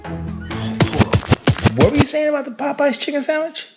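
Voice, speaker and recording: A woman vlogger telling a family story in a casual, animated way, full of fillers and restarts. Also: high-pitched, moderate pace. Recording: echoey room with music behind.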